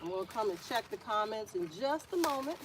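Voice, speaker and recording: A woman's voice: on the high side, lively intonation, fast talker, background noise. Chatty woman livestreaming from her garden. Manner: chatty, thanks viewers by name, talks while working. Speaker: homestead livestreamer. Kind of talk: casual livestream chat while gardening. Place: outdoor garden beds.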